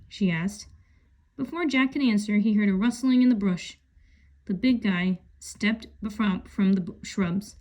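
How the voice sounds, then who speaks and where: A woman reading a children's book aloud in a calm, unhurried voice. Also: medium pitch. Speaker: storybook reader.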